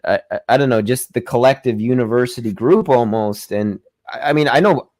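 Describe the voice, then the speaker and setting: A man's voice: medium pitch, a little fast, darkish tone, no room sound, clean studio sound. A man hosting a casual interview, speaking hesitantly and searching for words. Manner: hesitant, many fillers and restarts. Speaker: podcast host.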